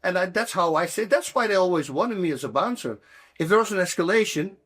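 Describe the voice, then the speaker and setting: A Dutch-accented man in his sixties tells stories as a guest on an interview show. His voice sits a little higher than most men's, and his delivery is emphatic and animated. His English carries non-native phrasing. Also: fast, slightly rough. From Netherlands. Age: 60s. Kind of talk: casual interview storytelling.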